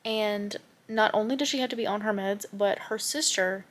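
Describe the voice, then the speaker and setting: A young woman in her twenties talks casually to camera in a reading vlog. She gets animated and heated as she rants, with her pitch sitting right in the middle of the range. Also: moderate pace. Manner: expressive, ranting. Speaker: book vlogger.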